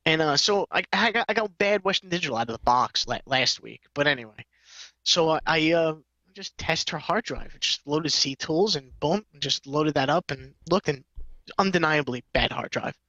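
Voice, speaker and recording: A man's voice: on the high side, animated, moderate pace, sharp tone, dry recording, dull audio. A man co-hosting a podcast, rambling through a story in casual chat, acting out quotes and laughing often. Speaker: podcast co-host.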